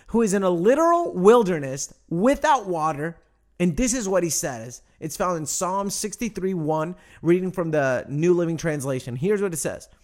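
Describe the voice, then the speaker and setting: A young adult male pastor preaching a sermon, emphatic and direct with the congregation, stretching out key phrases slowly. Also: high-pitched. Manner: animated preaching, emphatic with slow drawn-out phrases; addresses congregation directly, asks them to respond.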